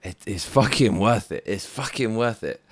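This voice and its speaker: A man's voice: lowish voice, expressive, moderate pace, dry recording. A man working in a music studio during a live stream, muttering half to himself and humming melody ideas between sudden bursts of hype. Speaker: rapper and producer.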